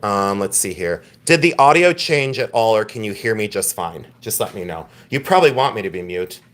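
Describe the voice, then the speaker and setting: A man hosting a live jewelry sale stream, chatting excitedly, joking and laughing with viewers. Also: lowish voice, brisk. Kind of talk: casual live-stream sales chat.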